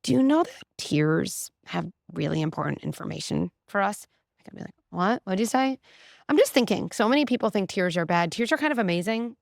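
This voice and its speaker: A middle-aged woman, a clinical psychologist, talking in an animated, explanatory way as a podcast guest. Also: medium pitch, brisk, creaky, no room sound, clean studio sound. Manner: animated, explanatory, frequent "like" and "right?". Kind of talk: conversational interview.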